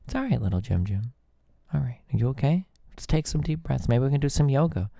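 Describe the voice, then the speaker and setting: A man voicing an overly soothing, patronizing male boss, talking in a slow, cooing, sing-song way. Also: mid-range voice, lively intonation, gravelly, warm tone, no room sound, clean studio sound, pitched below the performer's own voice. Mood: syrupy, patronizing.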